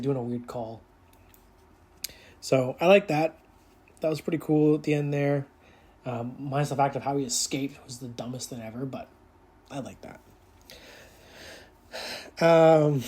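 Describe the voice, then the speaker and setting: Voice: medium pitch, a little mellow. A reviewer casually recapping a TV episode in a rambling, filler-heavy way, laughing along and acting out bits of the scenes. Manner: acts out characters' lines in quick put-on voices.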